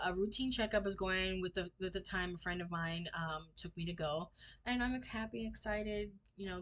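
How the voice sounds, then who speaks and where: A young woman telling a personal story in a casual vlog, halting and full of fillers, acting out what people said to her. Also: on the low side, a bit bright. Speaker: vlogger sharing a personal story.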